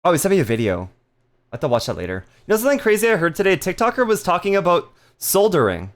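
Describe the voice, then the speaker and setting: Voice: medium pitch, very animated, quick pace. Giggly streamer chatting w chat, super bouncy voice, crude jokes. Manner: playful, giggly, crude joking. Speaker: live streamer. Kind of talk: casual live-stream chat with viewers.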